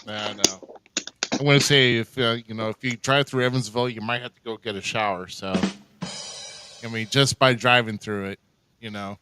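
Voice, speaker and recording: A man hosting a live podcast, talking in an animated, rambling way with lots of fillers. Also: mid-range voice, normal speed, music in the background. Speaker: podcast host. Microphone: headphones and desk mic.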